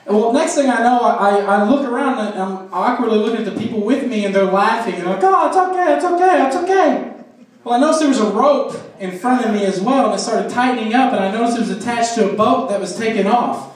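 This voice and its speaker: A man's voice: sits high, fast, few pauses. A man doing a stand-up comedy set, telling crude stories and teasing the crowd. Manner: crude storytelling with crowd work. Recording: echoey club from far off.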